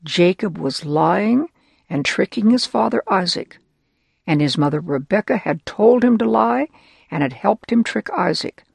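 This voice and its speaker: A children's Bible storyteller with a gravelly, slightly husky voice. The delivery is slow and deliberate, rising and falling lively as it checks in with listeners through rhetorical questions. The sound is close and dry. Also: mid-range voice, no room sound.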